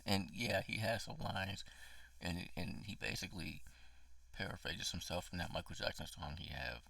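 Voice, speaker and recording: In a casual spoken film review, a man with a low, gravelly voice rants emotionally and dramatically, swearing and sometimes slipping into a hoarse, whispered aside. His husky voice is bright and edgy at normal speed, recorded dry with no room sound from a mic placed some distance away.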